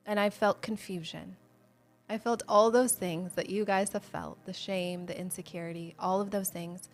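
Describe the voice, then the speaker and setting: A woman's voice: mid-range voice, fairly even intonation, normal speed, soft background music. A woman hosting a livestreamed devotional Bible teaching, speaking earnestly and conversationally to her viewers and candidly sharing her own struggles of faith. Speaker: host of a Bible study show.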